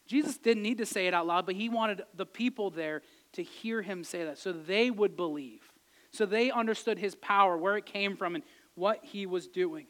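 A man preaching a sermon, earnestly retelling a scripture story, building to emphatic peaks and then dropping to a soft, quiet delivery. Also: sits high.

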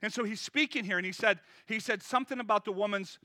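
A man preaching an energetic, conversational sermon and urging his listeners on. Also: sits high, quick pace, dry recording, clean studio sound. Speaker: pastor.

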